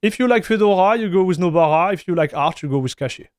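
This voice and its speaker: A man with a French accent hosts a live stream in a chatty, easygoing way, answering viewer messages and tossing in dude and broski. His voice sits a little high for a man and sounds dry and close, with no room echo. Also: expressive, fast talker, a little mellow. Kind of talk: casual live-stream chat.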